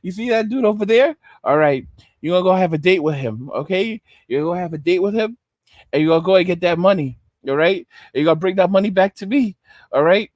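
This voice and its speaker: A man voicing the streets as a smooth-talking pimp, low, coaxing and commanding. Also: expressive, quick pace, no echo, studio quality.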